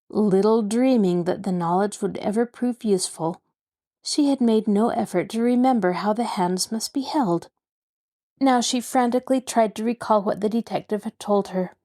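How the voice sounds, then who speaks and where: A woman reading a mystery novel aloud as its host. Her narration is steady and dramatic. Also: mid-range voice. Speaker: host and reader. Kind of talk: audiobook narration.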